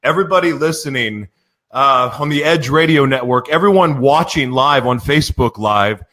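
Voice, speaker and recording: A man's voice: mid-range voice, normal speed, pushed and bright. A man hosting a live radio show, giddy and emotional, gushing thanks as he opens the broadcast from a studio.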